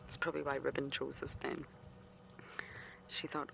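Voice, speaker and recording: A woman's voice: very deep voice, flat delivery, normal speed, gravelly, fairly bright tone. A woman guiding a live safari broadcast outdoors, chatty and playful, often dropping to a whisper. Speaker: safari guide. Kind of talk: live game-drive commentary. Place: outdoors in the bush. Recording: faint outdoor noise on a live feed.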